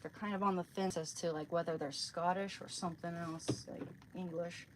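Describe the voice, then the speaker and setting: A woman with a somewhat low voice chats on her livestream in a loose, rambling way. She says hello to viewers by name between her thoughts. A faint noise sits under her voice. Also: steady tone, moderate pace. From Oregon, USA. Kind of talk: casual livestream chat.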